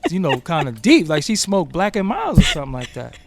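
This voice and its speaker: A man's voice: on the high side, quick pace. A man hosting a casual chat show, joking and telling stories in a playful, boastful way. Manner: playful, boastful, animated storytelling. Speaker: host.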